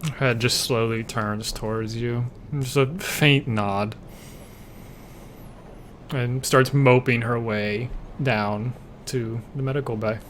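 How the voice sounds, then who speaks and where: A man's voice: medium pitch, fairly even intonation, slow, fairly bright tone, slight background noise. A man running a tabletop role-playing game, narrating scenes and calling for dice rolls in a laid-back way. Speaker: game master.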